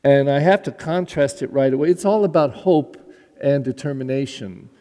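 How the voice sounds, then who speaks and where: A man pastor giving a sermon, telling the story with lively asides and restarts, heard in a reverberant hall. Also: mid-range voice, normal speed.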